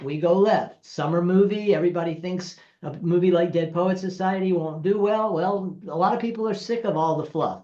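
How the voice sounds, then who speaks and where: A screenwriter recounting studio anecdotes, lively and acting out the people he quotes, laughing as he goes. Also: fairly high pitch. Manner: animated, acts out quoted voices, laughs through stories. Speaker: screenwriter guest. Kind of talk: anecdotal storytelling. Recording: roomy, dull lo-fi sound.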